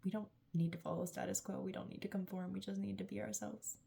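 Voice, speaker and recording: A tired, emotional woman giving a gushing, affectionate channeled spiritual message to her viewers, laughing often and dropping into soft whispery asides. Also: medium pitch, fairly even intonation, quick pace, creaky, a little hiss or hum. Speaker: tarot reader and channeler.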